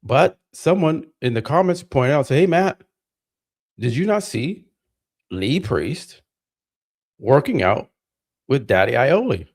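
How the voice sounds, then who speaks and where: A man's voice: mid-range voice, big pitch swings, takes it slowly, long pauses. A man hosting a livestream, ranting heatedly with lots of swearing and repeated words. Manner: heated, profane, repeats himself. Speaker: livestream host. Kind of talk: casual ranting commentary.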